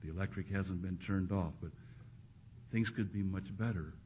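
A man preaching a sermon, swinging between loud emphatic peaks and hushed, quiet asides. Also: deep voice, normal speed, slight background noise. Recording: dull lo-fi recording.

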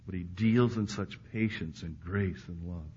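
A male preacher delivering a sermon to a live congregation, dropping to hushed, intimate lines and then rising to loud, emphatic ones. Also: low voice, measured pace. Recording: muffled recording with faint background hiss.

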